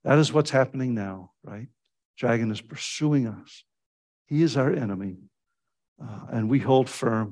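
A man preaches a sermon with a mid-range voice, talking in a loose, conversational way. He leaps upward in pitch when he acts out what people said, then drops back low and soft. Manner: animated storytelling with sudden pitch jumps when quoting; fillers and restarts, conversational preaching.

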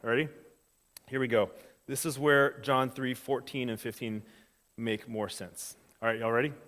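Speaking at a medium pitch with fairly even intonation and a fairly bright tone, a man delivers a sermon as pastor. He keeps it relaxed and conversational, speaking directly to his congregation and often pausing for brief check-ins. Long hall reverb surrounds the recording.

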